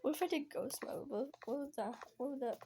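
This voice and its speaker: A woman's voice: high voice, brisk, mellow, slight background noise. A young woman giving panicky, jumpy commentary while playing a horror game, bursting into screams and repeated cries. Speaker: gamer recording a horror game. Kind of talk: reactive gameplay commentary.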